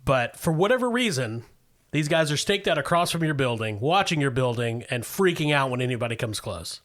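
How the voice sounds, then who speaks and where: Guy running a tabletop game, mid-pitched voice, chill explaining, lots of uhs. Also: brisk. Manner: relaxed explaining with frequent fillers and restarts. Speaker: game master.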